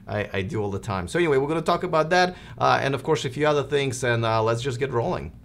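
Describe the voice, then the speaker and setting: A man's voice: medium pitch, fast, gravelly, slight background noise. A man with a Russian accent hosting a live stream, chatting casually with many fillers and restarts. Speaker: host of a live stream show.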